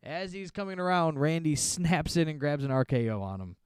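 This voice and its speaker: A man's voice: a little high, sing-song, fairly quick, smooth, no echo, studio quality. A man co-hosting a podcast, recapping wrestling in casual, rambling, sarcastic chat. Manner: rambling, sarcastic, acts out wrestlers' shouted lines. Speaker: podcast co-host.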